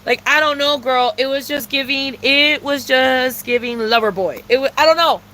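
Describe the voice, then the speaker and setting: A woman's voice: sits high, moderate pace, sharp tone, a little hiss or hum. A young woman telling a casual storytime rant about a bad date, dramatic and profane, full of slang fillers. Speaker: vlogger.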